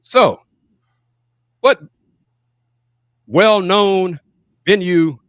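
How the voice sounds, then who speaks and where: A man's voice: high voice, expressive, extremely slow, fairly bright tone, dry recording. A man hosting a casual sports talk show, chatting through news and calling on his panelists by name. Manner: conversational, calls on panelists by name. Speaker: podcast host.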